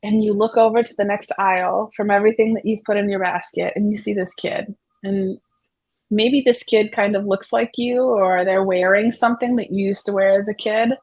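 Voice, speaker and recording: A woman psychotherapist, a guest on the show, explaining an idea through a vivid, expressive story told in a conversational way. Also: mid-range voice, moderate pace, rough recording. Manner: vivid, expressive storyteller who paints scenes for the listener.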